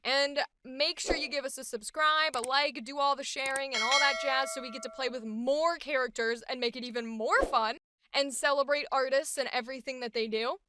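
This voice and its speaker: A woman's voice: sits high, moderate pace. Bubbly young woman voice-actor host. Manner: animated, enthusiastic, filler-heavy talk. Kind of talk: casual voice acting vlog.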